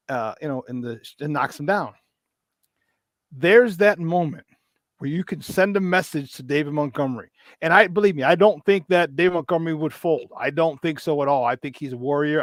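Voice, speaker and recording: Man, sports talk co-host, slightly high voice, dry close sound, rambling fillers, swears, loud when acting out scenes. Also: dry recording. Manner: animated storyteller who shouts in retold scenes, swears freely. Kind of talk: casual sports radio chat.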